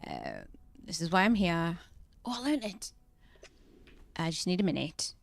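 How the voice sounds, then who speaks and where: A woman's voice: on the low side, huge pitch swings, unhurried, vocal fry. Chatty woman gaming. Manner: chatty, indignant storyteller. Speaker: gamer. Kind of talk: casual chat while playing a game.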